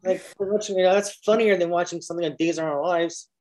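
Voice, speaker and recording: A man's voice: high-pitched, fairly even intonation, fast talker, a little mellow. Man cracking jokes on a podcast. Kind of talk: casual chat.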